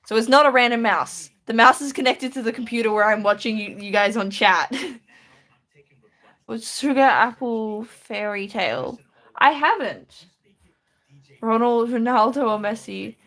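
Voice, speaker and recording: Chatty Australian woman, higher voice. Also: measured pace, a bit bright. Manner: chatty, answers chat aloud with light laughter. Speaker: live streamer. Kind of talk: casual live-stream chat while drawing. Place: her room.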